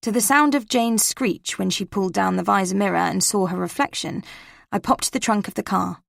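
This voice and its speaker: A woman narrating a cozy mystery audiobook in the first person, with a gravelly edge to her mid-range voice. Her delivery is measured and wry. Close, dry studio sound. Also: mid-range voice, a bit bright, dry recording.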